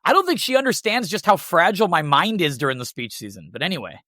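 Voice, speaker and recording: A man hosting a podcast, chatting casually and telling stories with lively swearing. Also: fairly high pitch, fast, dry recording, clean studio sound. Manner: animated storytelling with profanity. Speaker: podcast host. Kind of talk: casual chat.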